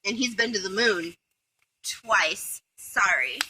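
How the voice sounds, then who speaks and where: A woman's voice: mid-range voice, animated, slow pace, bright, forceful tone, far from the mic, slight background noise, heavily acted, low-quality recording. A woman voicing a dim-witted young nobleman who rambles nonsense. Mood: dreamy.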